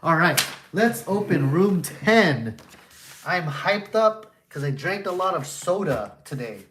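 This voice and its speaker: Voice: mid-range voice, big pitch swings, takes it slowly, noisy background. Goofy rambling puzzle-game streamer. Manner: goofy, rambling, crude wordplay jokes; reads game text aloud. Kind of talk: casual puzzle walkthrough.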